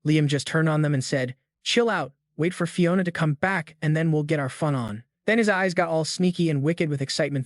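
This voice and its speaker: A man's voice: a little high, a little fast, hardly any pauses, no room sound, studio quality. A man narrating a comic story recap in a casual, slangy voice, reading all the characters' lines.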